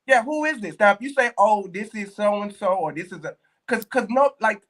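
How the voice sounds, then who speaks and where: Sassy high-voiced male co-host. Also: lively intonation, moderate pace, fairly bright tone. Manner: sassy, emphatic, playful. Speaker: podcast co-host. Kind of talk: casual chat.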